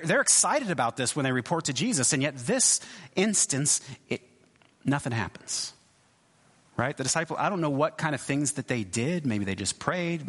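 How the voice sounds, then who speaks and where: Husky-voiced pastor preaching in a reverberant hall. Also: male voice, on the high side, fairly bright tone. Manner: conversational, halting, many restarts and asides. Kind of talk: sermon.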